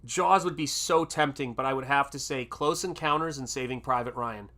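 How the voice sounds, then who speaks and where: A middle-aged American man paints during an art livestream, chatting casually and reading viewer comments aloud with many exclamations. His mid-range voice comes across bright and forceful at a normal speed.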